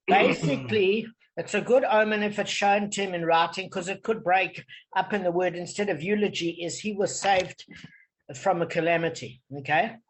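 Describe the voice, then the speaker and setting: Guy teaching talmud on a video call, patient, wanders off on tangents, keeps checking you follow. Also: high voice. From South Africa. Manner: patient, digressive explaining, often checks understanding. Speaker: Talmud study leader. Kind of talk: online group Talmud lesson.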